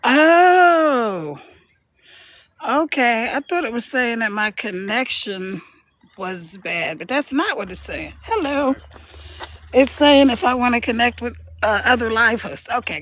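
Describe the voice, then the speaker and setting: A middle-aged live streamer who coaches online businesses talks casually to her viewers on an uphill walk outdoors. Her voice sits high; she's slightly out of breath, laughs frequently, and the recording is dry.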